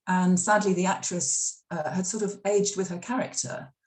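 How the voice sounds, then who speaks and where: In an echoey library event room, a middle-aged author from the UK who once wrote radio drama scripts chats through her anecdotes. She speaks at a moderate pace in a lowish, slightly mellow voice with fairly even intonation, often restarting and using plenty of fillers.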